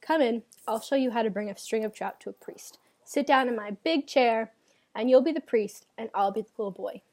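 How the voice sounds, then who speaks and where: A woman voicing a gentle, patient village priest in a told folk tale, speaking in an instructive way. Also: on the high side, a little fast, lightly acted. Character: patient wise village priest, middle-aged man.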